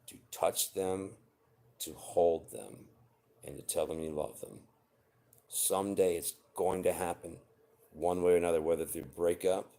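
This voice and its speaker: Deep voiced guy in his 40s, blunt and sweary but earnest, just talking to camera. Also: warm tone. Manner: blunt and profane, earnest advice. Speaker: vlogger. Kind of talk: unscripted personal monologue.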